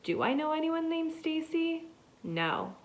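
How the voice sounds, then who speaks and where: A woman's voice: high voice, very animated, a little slow. A woman hosting a podcast, telling a story in a loose, rambling way and saying "like" constantly. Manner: rambling, chatty, heavy use of "like". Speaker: podcast host. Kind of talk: casual solo storytelling.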